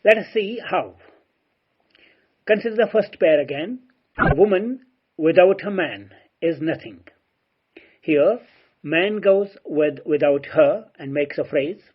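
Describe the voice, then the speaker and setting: A man's voice: fairly high pitch, slightly rough, dull audio. A man teaching a recorded grammar lesson, explaining formally and calling his listeners dear friends. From Kashmir.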